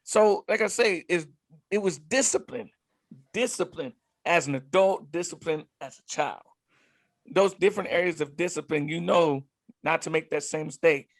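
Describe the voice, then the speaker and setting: A middle-aged man, a former Marine and podcast co-host, telling animated stories in casual chat, often repeating himself and swearing. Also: on the high side, normal speed, no room sound.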